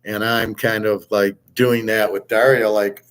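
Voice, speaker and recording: A man's voice: fairly low pitch, level tone, measured pace, a bit bright. A middle-aged man telling a personal story in a casual monologue, blunt and profane, often restarting his sentences and heatedly quoting what he told others. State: aching back, jet-lagged. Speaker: host.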